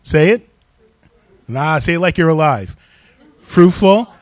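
Male pastor, sermon delivery, emphatic, slightly higher voice, dry close sound. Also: animated, unhurried, no room sound. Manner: emphatic, calls on the congregation to respond.

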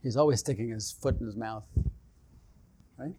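A man's voice: mid-range voice, normal speed, warm tone, slightly rough. A man preaching a sermon, retelling scripture stories and acting out the quoted exchanges, building in intensity as he goes.

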